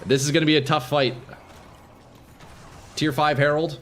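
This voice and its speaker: A man streaming live gameplay, commenting casually to his viewers and swinging from calm explanation to excited shouting. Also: a little high, normal speed, faint music behind. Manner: casual, profane, addresses chat as boys.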